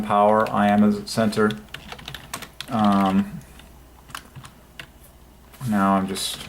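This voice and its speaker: A man hosting his own channel, musing aloud at his computer in an enthusiastic, halting way with many fillers. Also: on the low side, slight background noise. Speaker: channel host. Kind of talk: religious numerology screen talk.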